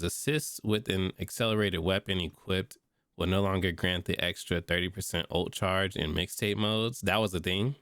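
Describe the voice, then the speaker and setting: Stuffy male streamer with a deep, dry close-mic voice; reads text, then reacts in slang. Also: fairly bright tone, dry recording. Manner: reads notes aloud, breaks off into slangy reactions. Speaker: streamer reading and reacting to game patch notes. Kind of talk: casual livestream commentary.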